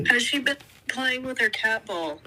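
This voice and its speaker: A woman's voice: on the high side, expressive, slow pace, sharp tone, low-quality recording. A woman joining a live stream call, joking around in casual chat. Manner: joking, crude.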